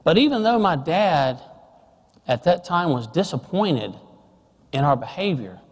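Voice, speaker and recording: High-voiced man preaching in a hall. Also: big pitch swings, slightly rough. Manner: storytelling, drops soft and slow on serious points. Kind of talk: sermon with personal story.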